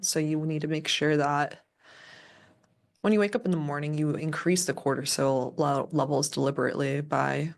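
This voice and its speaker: A woman's voice: deep voice, vocal fry. A young woman casually chatting as a co-host of a live trading stream, rambling with lots of fillers and restarts. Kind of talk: casual livestream chat.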